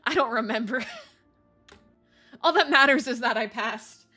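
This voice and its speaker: Young woman, streamer, high voice, bright tone, animated storytelling, casual swearing. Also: measured pace, soft background music.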